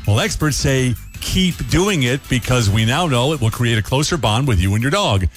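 Animated male radio host, lively delivery. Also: medium pitch, normal speed, faint music behind. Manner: upbeat, animated delivery with playful asides. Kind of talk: scripted radio feature segment.

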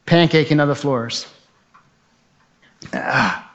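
A man's voice: a little high, slow, a bit bright, dull audio. Man telling a dramatic personal story. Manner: vivid, urgent, acts out the voices in his story. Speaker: guest speaker giving a testimony.

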